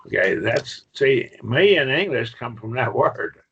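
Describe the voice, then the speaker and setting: A man's voice: medium pitch, expressive, unhurried, fairly bright tone, muffled recording, slight background noise. A man teaching a Greek grammar class online, patient and questioning, with frequent okays.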